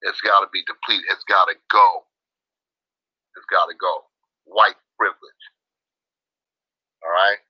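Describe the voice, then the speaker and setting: A man's voice: low voice, steady tone, measured pace, pauses often, no echo. A man talking as an interview guest, emphatic, repeating himself for stress. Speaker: boxing trainer, interview guest. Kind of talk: casual interview talk. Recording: dull lo-fi dry sound.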